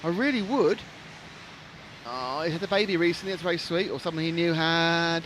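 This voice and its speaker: A man's voice: a little high, normal speed, fairly bright tone, a little hiss or hum. A man, chatting and joking as a live racing stream commentator. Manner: chatty, jokey, rambling.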